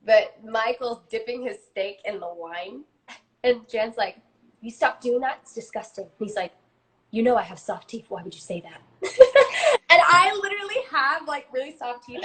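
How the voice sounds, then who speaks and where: A woman's voice: medium pitch, a bit bright. Giggly woman in casual chat. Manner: giggly, many ums and likes. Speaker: actress. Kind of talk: casual live-stream chat.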